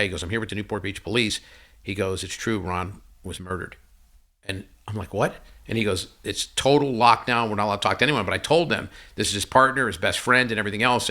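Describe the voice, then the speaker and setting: Male podcast guest, fast and bright, animated raconteur who voices everyone in his stories. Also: lowish voice. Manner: animated storyteller who acts out dialogue. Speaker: podcast guest, company CEO. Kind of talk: conversational storytelling interview.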